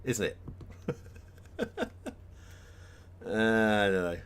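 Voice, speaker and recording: A man's voice: lowish voice, extremely slow, a bit bright, smooth. A man chatting casually on a live stream as he reviews game maps, thinking aloud with plenty of ums and restarts and chuckling at himself. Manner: chuckles often, self-deprecating.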